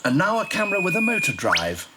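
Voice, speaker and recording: Hushed man narrating a nature film. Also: high voice, heavy background noise. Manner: calm, measured, explanatory. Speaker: documentary narrator.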